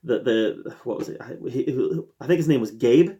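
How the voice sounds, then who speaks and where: A man's voice: medium pitch, moderate pace, dark tone. A man hosting his own review channel, ranking TV seasons in an eager, casual way, with many fillers and restarts. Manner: enthusiastic, with frequent fillers and restarts.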